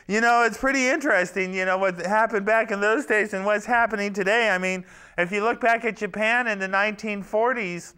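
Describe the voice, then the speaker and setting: A man's voice: high-pitched, bright, forceful tone, smooth. A man hosting a parody show, delivering a profane political rant to his folks. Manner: ranting, profane, keeps saying folks. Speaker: host of a parody talk show.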